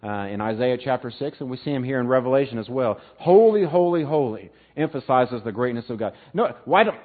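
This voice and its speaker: A man teaching an evening Bible lesson to a live class, emphatic, swinging from loud stresses to quiet drops and repeating words. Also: mid-range voice, fast. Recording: tinny phone-like sound.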